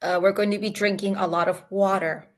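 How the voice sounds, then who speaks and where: A woman's voice: medium pitch, steady tone, brisk. A woman taking part as a player in a tabletop game stream, playful and theatrical. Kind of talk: casual chat on a game stream.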